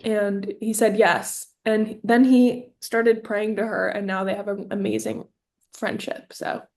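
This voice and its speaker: A young woman co-hosts a casual comedy podcast and spins absurd tales with playful mock seriousness. Her voice sits at an ordinary middle pitch, and she keeps the chat loose and jokey. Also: little pitch movement, a little slow, darkish tone. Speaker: podcast co-host.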